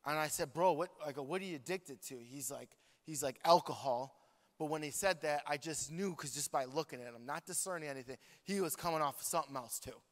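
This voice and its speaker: A preacher man tells a story from the pulpit in a lively, joking way, calling out to his congregation. His voice is bright and forward. It rings out with the long reverb of a large church hall. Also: a little high, fairly quick. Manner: animated, joking, talks to the congregation. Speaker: pastor. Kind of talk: storytelling sermon.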